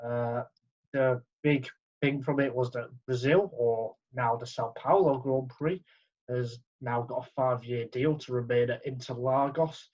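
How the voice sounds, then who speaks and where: Halting male podcast co-host, husky voice, dull lo-fi sound. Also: medium pitch, fairly even intonation, a little mellow. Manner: halting, stumbles over words. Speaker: podcast co-host presenting news. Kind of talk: casual podcast chat. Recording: dull lo-fi audio.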